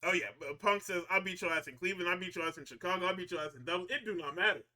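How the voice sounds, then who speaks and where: Talking very fast in a high voice, a podcaster runs through a crude, laid-back wrestling recap. He gets excitable, laughs frequently, and voices the wrestlers' lines himself.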